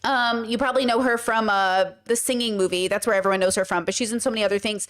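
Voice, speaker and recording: A woman's voice: medium pitch, fairly even intonation, fast, few pauses, slight background noise. A woman hosting a casual commentary stream, blunt and emphatic and swearing freely. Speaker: podcast host.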